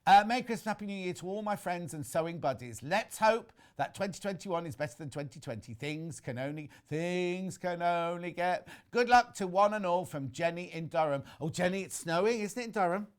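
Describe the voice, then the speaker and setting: Man, TV sales presenter, slightly high voice, chatty, reading viewer messages with asides. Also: expressive, a little fast, hardly any pauses. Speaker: shopping channel presenter. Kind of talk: live TV sales chat.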